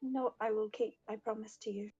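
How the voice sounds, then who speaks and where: A woman's voice: medium pitch, fairly even intonation, normal speed, mellow, breathy edge, no room sound, dull audio, faint music behind. A woman playing a tabletop game, speaking earnestly in character. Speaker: player.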